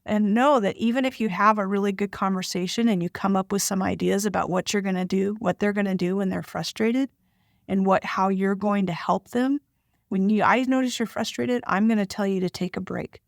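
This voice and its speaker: A woman's voice: mid-range voice, steady tone, fairly quick, creaky, dry recording, studio quality. A middle-aged woman talking casually to parents with advice, often acting out short lines a parent or child might say. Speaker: parenting podcast host and child therapist.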